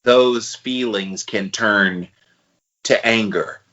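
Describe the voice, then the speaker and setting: Bright-toned man in his forties, lo-fi. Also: lowish voice, drawn-out words. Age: 40s. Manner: thinks out loud, hesitant restarts. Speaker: podcast co-host. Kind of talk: casual podcast chat.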